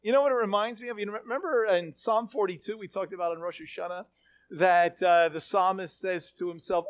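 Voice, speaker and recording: Bible teacher, mid-pitched, animated and emphatic, plenty of fillers, dry close recording. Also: fairly quick, no echo. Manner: reads scripture aloud with dramatic feeling. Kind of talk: sermon-style Bible teaching.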